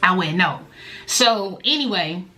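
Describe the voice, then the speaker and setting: A woman vlogger, telling a story in a chatty, animated way straight to the viewer. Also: a little slow, faint music behind. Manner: bursts into a high, loud voice when quoting herself. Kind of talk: casual storytime vlog.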